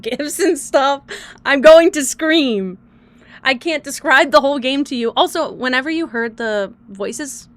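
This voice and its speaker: A woman's voice: sits high, a bit bright. A woman game streamer chatting casually with viewers, exasperated, swearing and laughing at her own troubles. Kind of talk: casual live-stream chat.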